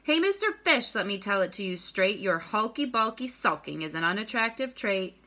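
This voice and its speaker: A woman's voice: mid-range voice, sing-song, moderate pace, bright, forceful tone. A woman voicing a blunt octopus who speaks plainly in a children's storybook read-aloud. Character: blunt, straight-talking octopus.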